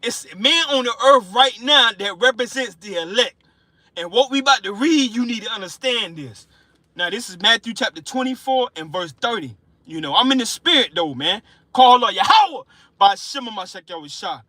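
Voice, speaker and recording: Guy preaching all worked up, high bright voice, dry close sound, keeps repeating himself. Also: expressive, dry recording. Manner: emotional, fervent, repetitive, slows down reading scripture. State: excited and sweating. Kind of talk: informal street sermon.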